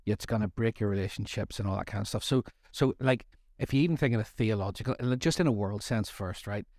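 A man's voice: lowish voice, quick pace, darkish tone, dry recording, studio quality. A middle-aged man co-hosting a faith study series, talking in a rambling, jokey way with self-deprecating asides. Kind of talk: casual faith discussion.

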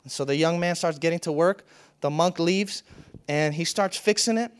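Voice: medium pitch, normal speed, clean tone. A spiritual teacher giving a reflective teaching talk, telling a parable and repeating phrases for emphasis.

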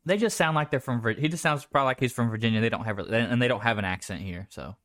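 A man's voice: mid-range voice, fast talker, fairly bright tone, no room sound, studio quality. A man from Georgia, a podcast co-host, reacting with laughter in casual chat. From Georgia, USA.

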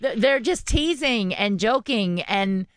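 A woman's voice: mid-range voice, animated, slow pace, clean tone, dry recording, clean studio sound. A woman hosting a podcast in casual chat, rambling with restarts and frequent laughter. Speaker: podcast host.

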